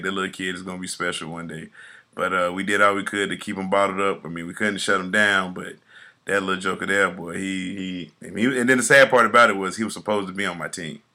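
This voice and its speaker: Deep raspy guy hosting a podcast, kinda hoarse, bright punchy tone, loose and joking. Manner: boastful, joking hype intro, loose storytelling. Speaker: podcast host; youth football coach. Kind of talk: casual podcast chat.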